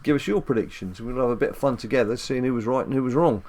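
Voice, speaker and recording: A man's voice: medium pitch, quick pace, darkish tone. A man hosting a casual mobile game let's-play at home, chatty and rambling with jokes and filler ums. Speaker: dad gaming channel host.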